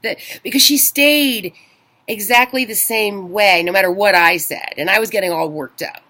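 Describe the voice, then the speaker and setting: A middle-aged woman talks casually to camera, her voice sitting at a moderate pitch. She tells a long story in an animated way, restarting sentences often and slipping into the voices of the people she quotes. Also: normal speed. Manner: animated storytelling, acts out quoted phone calls; rambling with many restarts. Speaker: vlogger. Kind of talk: casual chat.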